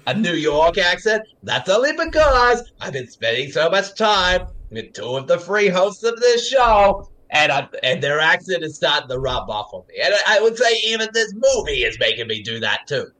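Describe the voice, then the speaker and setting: A man's voice: high-pitched, big pitch swings, normal speed, hardly any pauses, bright, forceful tone, heavily acted. A man putting on the voice of an eccentric woman actress, camp and flighty, slipping into silly accents. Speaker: co-host.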